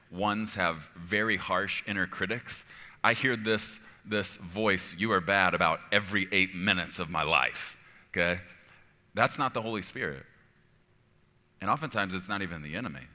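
A middle-aged man preaching to his church, his voice very deep yet bright and forceful. He talks earnestly and conversationally, pausing to ask his listeners if they follow. The sound carries a long reverb from a large hall. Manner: earnest, conversational preaching with frequent "okay?" check-ins. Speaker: pastor. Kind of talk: sermon. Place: church auditorium.

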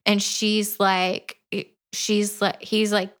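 A woman's voice: medium pitch, unhurried, fairly bright tone. A woman co-hosting a podcast, retelling a story in casual chat with lots of laughter and swearing. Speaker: podcast co-host. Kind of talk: casual book review chat.

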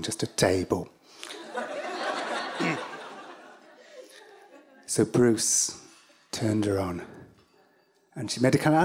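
A man's voice: fairly low pitch, darkish tone. A man with an English accent telling a personal story live, in a wry, rambling way full of asides and fillers.

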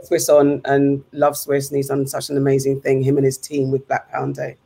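A woman's voice: rumbling low, monotone, normal speed, vocal fry, warm tone, slightly rough. Emphatic woman podcast host. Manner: emphatic, swears casually, steers the show. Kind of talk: casual chat.

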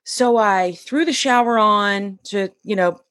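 A sassy, high-strung woman from the US East Coast, middle-aged and full of energy. Her voice sits at an everyday middle pitch and leaps way up whenever she acts out what someone said. The sound is close and dry, with no room around it. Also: a little slow, fairly bright tone, dry recording. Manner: acts out quoted lines with big jumps in pitch. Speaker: podcast guest. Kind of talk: personal storytelling.

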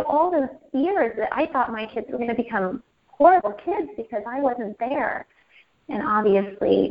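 A woman telling her personal story in an interview, animated and emotional, repeating phrases as she goes. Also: mid-range voice. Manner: animated, repeats herself, laughs and tears up. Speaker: interview guest. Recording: muffled lo-fi audio.

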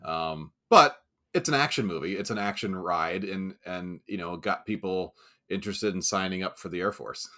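Male guest co-host, low pitch but bright, forward tone, easygoing and dry. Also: moderate pace. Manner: easygoing, dry jokey asides. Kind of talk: casual chat.

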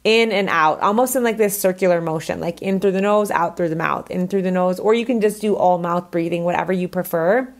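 A woman's voice: fairly low pitch, a little fast, hardly any pauses. Woman podcast host, casual solo talk, candid, chatty, filler-heavy. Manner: chatty, candid, says "like" a lot.

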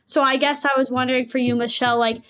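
A woman's voice: sits high, little pitch movement, fast talker, fairly bright tone. A woman in casual conversation, asking a question hesitantly with many "kind of" and "like" fillers. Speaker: podcast guest.

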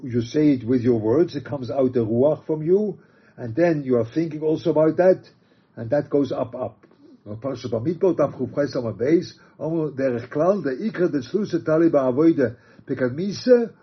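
A man teaching a religious text, reading quotes aloud and explaining them halting restarts. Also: medium pitch, slightly rough. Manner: reads Aramaic and Hebrew quotes then explains in English, halting restarts. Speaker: Torah teacher. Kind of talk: text study lecture. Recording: dull lo-fi recording.

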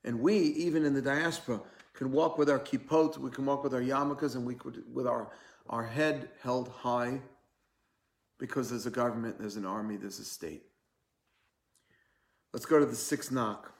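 A man's voice: medium pitch, fairly even intonation, moderate pace, creaky, echoey room. A man, a rabbi, teaching a live-streamed Torah class, telling stories and repeating key phrases for weight.

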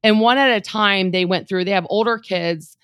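A woman in her thirties, a real estate team leader, telling a candid personal story in an interview, animated and emotional, with lots of "like" fillers. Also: medium pitch, moderate pace, clean tone, no echo, studio quality.

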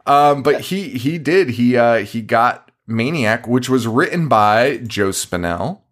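A man co-hosting a horror movie podcast in casual chat, animated, laughing often and swearing freely. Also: mid-range voice, slow pace. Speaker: podcast co-host.

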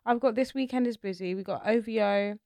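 A young woman co-hosting a podcast, telling stories in an animated, gossipy way. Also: mid-range voice, fairly quick, gravelly, dry recording, clean studio sound. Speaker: podcast co-host. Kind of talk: casual chat.

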